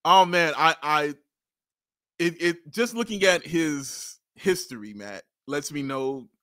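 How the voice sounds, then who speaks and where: A man co-hosting a casual sports podcast, excitable, laughing often and repeating himself as he talks. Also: a little high, slow, dry recording, studio quality. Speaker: podcast co-host.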